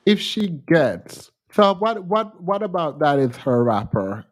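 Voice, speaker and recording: A man's voice: on the high side, sing-song, measured pace. A man co-hosting a podcast, pressing his co-host with teasing, probing questions in casual chat.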